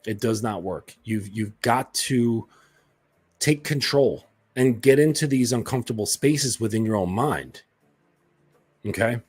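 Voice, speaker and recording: A man's voice: mid-range voice, unhurried, darkish tone, slightly rough. A man coaching other men in a casual monologue, blunt and profane, with many fillers. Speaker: dating and self-improvement coach.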